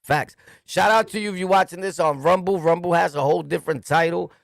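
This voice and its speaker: A man's voice: high-pitched, brisk, gravelly, no room sound. Streetwise New York man, dry sound. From New York City. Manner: streetwise, repetitive, emphatic. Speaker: host. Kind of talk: casual commentary to a livestream chat.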